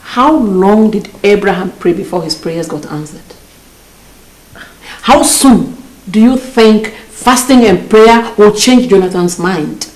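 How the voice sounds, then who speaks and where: A woman's voice: medium pitch, lively intonation, slow, darkish tone, roomy sound, rough recording. An actress playing an insistent friend with a Ghanaian English accent who pushes a married woman toward a juju man. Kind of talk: Ghanaian film acting.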